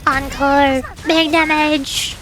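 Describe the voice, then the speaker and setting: A high-voiced woman streams a game at an unhurried pace, narrating her moves with playful noises and meows. Soft music plays faintly behind her. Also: little pitch movement. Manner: playful, sound effects and meows while playing. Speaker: vtuber streamer. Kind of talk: gameplay commentary.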